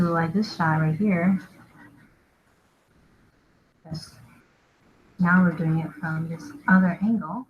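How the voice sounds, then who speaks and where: A woman's voice: lowish voice, slight background noise, rough recording. Chatty young woman sketching and explaining. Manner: chatty, self-deprecating, thinking aloud. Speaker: storyboard artist teaching. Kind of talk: casual drawing tutorial.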